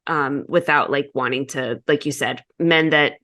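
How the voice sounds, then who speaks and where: Lively woman host, lowish voice. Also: normal speed. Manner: animated, filler-heavy, enthusiastic. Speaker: podcast host. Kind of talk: conversational interview.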